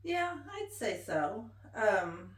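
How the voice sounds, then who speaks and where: A woman's voice: mid-range voice, sing-song. A woman in her forties with a blended Appalachian and Ozark accent, speaking in a homey, folksy way in an oral history interview. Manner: slow, homey and folksy with laughs. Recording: roomy echo.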